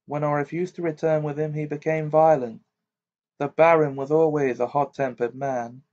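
A man's voice: fairly high pitch, level tone, moderate pace, a little mellow, pitched above the performer's own voice, close to an everyday voice. A man reading the lines of a proud, bitter female ghost in an amateur audiobook, with a stiff, clipped delivery. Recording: dull lo-fi recording.

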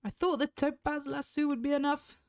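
A woman's voice: high-pitched, steady tone, a little fast, darkish tone. Chatty British woman gaming. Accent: British English. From Britain. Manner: chatty, talks straight to viewers. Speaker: gaming YouTuber. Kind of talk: casual gameplay commentary.

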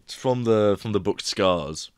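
A man's voice: fairly low pitch, unhurried, clean tone, no room sound, clean studio sound. A man co-hosting a podcast, reading a book excerpt aloud and laughing lightly between lines. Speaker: podcast co-host.

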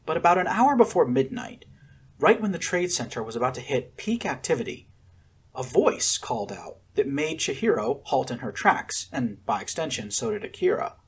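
Husky, expressive male storyteller. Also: mid-range voice, moderate pace. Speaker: narrator. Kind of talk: audiobook narration of fan fiction.

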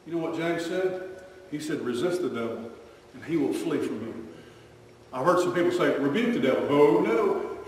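Animated preacher echoing in a hall. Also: male voice, fairly high pitch, normal speed, a little hiss or hum. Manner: animated storytelling with acted-out voices. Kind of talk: sermon. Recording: echoey hall from far off.

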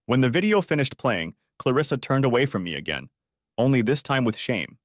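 A man narrating a first-person story audio book in a steady, matter-of-fact way. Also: mid-range voice, fairly quick, no room sound, clean studio sound. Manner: steady, matter-of-fact, stern when confronting.

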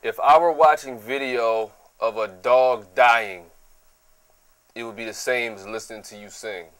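A man's voice: mid-range voice, unhurried, fairly bright tone, clean tone, natural voice. A man playing a crude, insulting male music producer who tears apart a singer's takes with profane put-downs. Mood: scornful. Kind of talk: comedy sketch acting.

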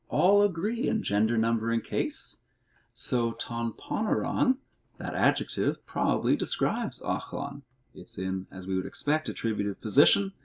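A middle-aged man explaining grammar in a recorded language lesson walkthrough, reading words out slowly and methodically. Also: medium pitch, vocal fry, slightly rough. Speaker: Greek teacher.

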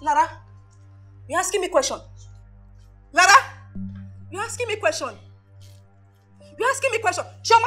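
An actress playing a loud, boastful young woman who mocks and shouts at her broke friend, with a Nigerian accent. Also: very high-pitched, exaggerated voice. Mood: indignant. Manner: shouting, mocking, laughing scornfully. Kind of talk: Nollywood film acting.

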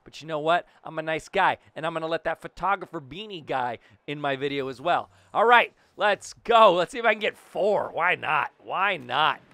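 Male gamer host, fairly high pitch, playful play-by-play that bursts into shouts. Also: lively intonation, normal speed, few pauses, no room sound. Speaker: gaming channel host. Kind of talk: excited gameplay commentary.

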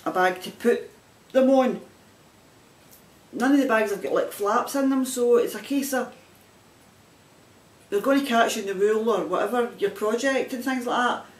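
This knitting vlogger, a Scottish woman, chats to camera about the items she's holding, her voice on the high side at a normal speed with frequent pauses. She rambles and laughs a lot, and the recording has a roomy quality from a distant mic plus faint background noise.

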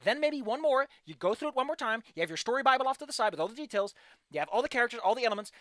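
Fast-talking ranting woman streamer. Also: a little high, no room sound, clean studio sound. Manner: ranting, frustrated game critique; animated, excitable outbursts. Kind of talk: casual livestream commentary.

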